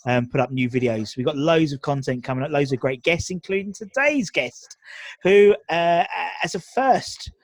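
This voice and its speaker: London guy hosting a chat, a bit rambly, lots of ums, slightly high voice, dry close sound. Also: expressive, moderate pace, no echo. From England. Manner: chatty, rambling with fillers. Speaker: podcast host. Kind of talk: casual video interview.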